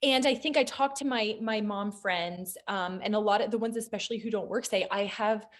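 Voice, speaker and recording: A woman interviewer speaks at a mid pitch in a chatty, affirming way. She keeps the conversation loose and friendly and often agrees with her guest. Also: a little fast.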